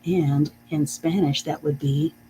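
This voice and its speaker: A teacher leading a live-streamed reading lesson, saying phrases slowly and carefully, checking in with "okay?" and chuckling often. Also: mid-range voice, steady tone, mellow, a little hiss or hum, low-quality recording. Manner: reads out viewer comments.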